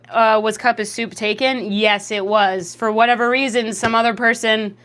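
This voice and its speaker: A young adult woman livestreaming at home into a desk mic, chatting casually and reacting to chat comments in a lively, jokey way. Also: normal speed, hardly any pauses. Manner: lively, jokey, reacts to chat with laughs and big pitch jumps. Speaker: streamer.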